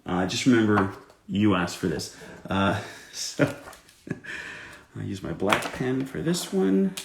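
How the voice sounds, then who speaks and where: A man's voice: fairly low pitch, big pitch swings, slow pace, gravelly, roomy sound, background noise. A male voice actor chatting casually while signing autographs, joking about his own drawing. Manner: self-deprecating, chats while drawing and writing. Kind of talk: live autograph-signing chat.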